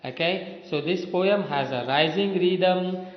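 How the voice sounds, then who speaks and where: A male literature lecturer with a slightly raised voice speaks at a slow, measured pace, padding his points with "you know" and "okay". His voice rings in a reverberant room on a dull, lo-fi recording. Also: high-pitched. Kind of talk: classroom lecture explaining a poem.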